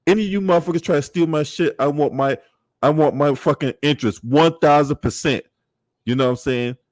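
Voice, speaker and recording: A man's voice: a little high, a little fast, no room sound, studio quality. Profane, laughing male livestreamer. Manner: profane, laughing, shouting out viewers. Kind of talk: casual livestream chat.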